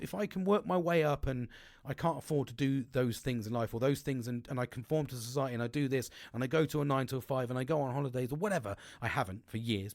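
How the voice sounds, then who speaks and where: A man's voice: medium pitch, a little mellow, no echo. Candid, rambling man, dry close sound. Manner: rambling, open and emotional, heavy swearing, many restarts. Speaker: podcast host. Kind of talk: candid personal talk.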